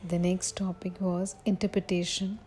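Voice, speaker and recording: A woman giving a recorded literature lecture, reading from notes haltingly, with slips and self-corrections. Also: fairly low pitch, flat delivery, dark tone, slight background noise, low-quality recording.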